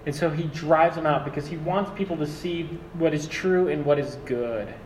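A young man preaching a sermon as a pastor, animated and acting out quoted voices. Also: on the high side, normal speed, a little hiss or hum. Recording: echoey hall, mic far off.

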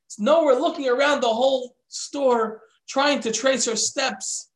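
A man telling a religious story in an animated way, switching voices for the characters. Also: very high-pitched, a little slow. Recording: echoey room.

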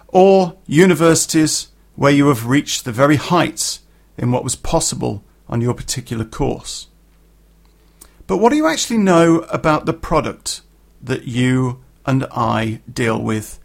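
A middle-aged man tells a personal story for a podcast in a casual, unscripted way. His voice sits at an ordinary mid pitch. His talk is blunt and earthy, with some swearing and frequent ums and uhs. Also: creaky.

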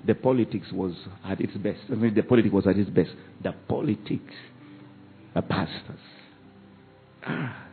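A male pastor preaching a sermon, leading the congregation in call-and-response and swinging from loud exhortation to quiet asides. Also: lowish voice, moderate pace, gravelly. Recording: phone-like narrow band.

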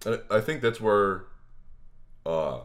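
A man's voice: fairly low pitch, animated, slow. A man co-hosting a podcast in casual chat, rambling with lots of fillers and breaking into laughter. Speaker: podcast co-host.

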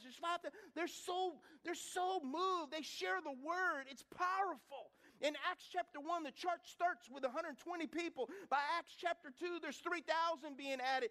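A man's voice: very high voice, fairly bright tone. A middle-aged man, preaching a folksy, emphatic sermon. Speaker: pastor.

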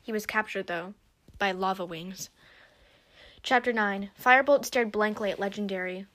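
A woman narrating a story aloud in a steady storybook reading. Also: medium pitch, moderate pace.

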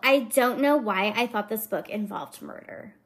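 A woman's voice: fairly high pitch, lively intonation, normal speed, a bit bright. A woman voicing a snippy young female book critic with a dismissive Valley Girl drawl. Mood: scornful.

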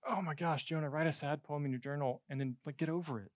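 Animated, joking male preacher. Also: a little high, fast, few pauses, dry recording, studio quality. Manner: animated, conversational, jokey asides. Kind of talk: sermon.

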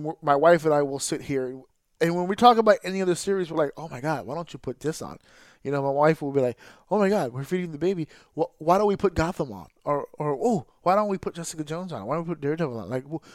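A man hosting a podcast, ranting with exasperation and heavy swearing, now and then mimicking others in a flat, deflated tone. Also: a little high, no room sound, clean studio sound. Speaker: podcast host. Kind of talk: profane ranting podcast monologue.

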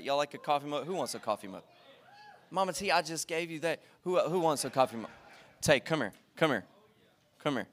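A man preaching a sermon in a church, energetic and repetitive, calling for responses from the congregation. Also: fairly high pitch. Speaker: pastor. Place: church sanctuary.

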